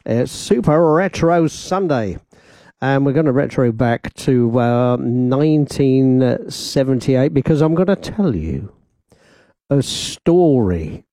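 In casual radio storytelling from the studio, a man wanders through a personal tale, laughing and imitating voices as he goes. He has a medium-pitched, expressive, dark voice that moves slowly, captured with no echo on a studio mic with headphones.

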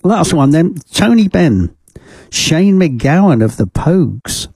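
A chatty male radio presenter with a gravelly, warm, husky voice. His pitch bounces around in a lively way as he rambles through trivia with fillers. The sound is dry and close, straight from a studio mic. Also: slow pace, no echo. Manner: chatty, rambling with fillers and self-amused laughs. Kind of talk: casual radio chat. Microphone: studio microphone.

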